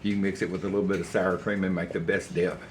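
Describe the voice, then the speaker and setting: A man's voice: low-pitched, level tone, fast talker, noisy background. An older man, rambling folksy stories as he cooks in his home kitchen. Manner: rambling, folksy storytelling while cooking. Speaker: cooking channel host. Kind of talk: casual cooking vlog chat.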